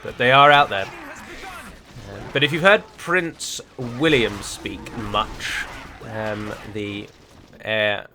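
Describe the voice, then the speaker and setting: A man's voice: on the low side, very slow, background noise. A man with an English accent giving casual let's-play commentary on a strategy game, chatty and prone to rambling asides. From England. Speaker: gaming YouTuber.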